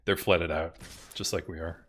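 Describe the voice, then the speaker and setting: Low-voiced man muttering game commentary. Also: steady tone, moderate pace, fairly bright tone. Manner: muttering, self-deprecating, laughs at own misplays. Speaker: streamer playing a card game. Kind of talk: casual gameplay commentary.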